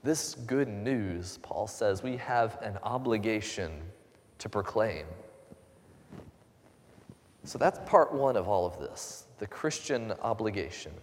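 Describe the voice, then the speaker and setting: A man's voice: fairly low pitch, takes it slowly. Man preaching in a reverberant hall. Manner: relaxed and joking, with lively asides. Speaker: pastor. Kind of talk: conversational sermon.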